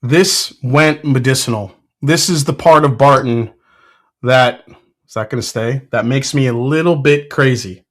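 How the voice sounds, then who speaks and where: Excitable male whiskey reviewer. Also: mid-range voice, measured pace. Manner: excitable, blurts sports trash talk; frequent fillers and self-corrections. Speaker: whiskey reviewer, show host. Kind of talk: casual tasting chat.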